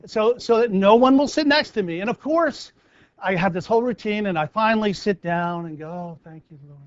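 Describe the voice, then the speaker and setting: A man from the United States, a live performance coach, giving a motivational talk and acting out stories with lively character bits. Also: high-pitched, smooth, no room sound, dull audio. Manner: animated storyteller acting out scenes.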